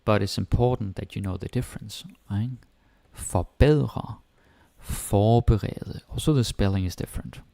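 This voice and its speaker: A man with a Danish accent teaching a relaxed language lesson, explaining step by step and switching between English and Danish. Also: on the low side, fast talker, creaky, few pauses, dry recording.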